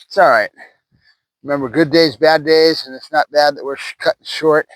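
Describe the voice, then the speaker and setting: A man's voice: on the high side, steady tone, normal speed, dry recording, poor audio. A man working as a dog trainer outdoors, talking to the camera while cueing and praising a puppy, often tagging "right?" on his points. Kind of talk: running commentary during training.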